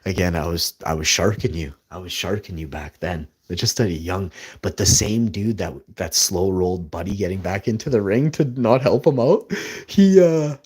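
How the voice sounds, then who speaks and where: A man telling rambling, boastful stories as a live streamer, with bursts of loud laughter. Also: low-pitched, normal speed, breathy edge. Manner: boastful, rambling, laughs loudly mid-story. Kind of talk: rambling storytelling.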